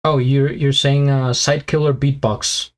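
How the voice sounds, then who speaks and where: A man with a medium-pitched, level, unhurried voice hosts a live reaction stream, chatting casually with viewers. He rambles and thinks aloud with many fillers and restarts, and his voice tires and weakens as he goes on.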